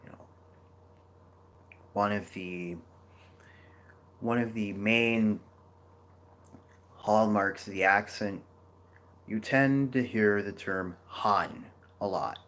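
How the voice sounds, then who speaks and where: A man's voice: fairly low pitch, slow pace, pauses often, a bit bright. A man giving a casual geography lecture over a map, rambling with many fillers and restarts. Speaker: geography educator.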